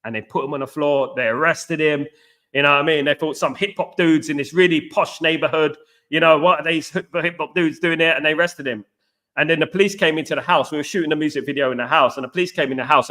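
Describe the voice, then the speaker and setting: A middle-aged British man running a football channel talks quickly in a fairly high, bright and forceful voice. His live-stream chat is casual, rambling and repetitive, and he refers to viewers as guys.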